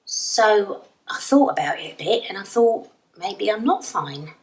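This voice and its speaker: A woman's voice: mid-range voice, lively intonation, unhurried, echoey room, recorded from a distance, rough recording. An actress playing a wry, self-deprecating young Englishwoman lost in a void, telling her story in a dry, rambling audio drama monologue. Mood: wistful. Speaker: narrator and lead character.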